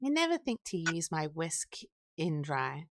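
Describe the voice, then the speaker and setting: A woman's voice: sits low, sing-song, unhurried. A woman from Australia chatting casually and laughing often as co-host of a cooking stream. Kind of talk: casual chat.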